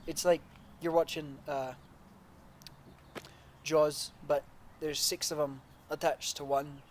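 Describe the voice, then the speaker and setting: A man's voice: fairly high pitch, little pitch movement, takes it slowly, a little hiss or hum. A young American man joking around in a casual chat while hamming up a put-on Irish accent. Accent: American attempting Irish. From United States. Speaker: co-host.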